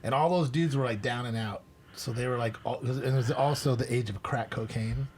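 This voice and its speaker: A middle-aged man hosting a podcast, telling stories in a loose, animated way and acting out the voices of people he quotes. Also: mid-range voice, a little fast, a little hiss or hum. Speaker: podcast host. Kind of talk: boozy casual storytelling.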